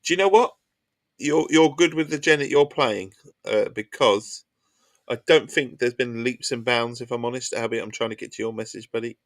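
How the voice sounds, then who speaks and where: A man's voice: medium pitch, normal speed. Chatty Essex man streaming a game. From England. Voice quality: chatty and self-mocking, laughs often, reads chat aloud. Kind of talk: casual gaming stream chat.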